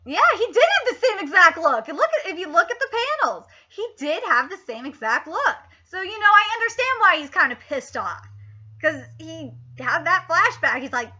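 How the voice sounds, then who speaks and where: A woman reacting live to a manga chapter, excitable, swearing often and laughing as she talks. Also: very high-pitched, normal speed, muffled recording.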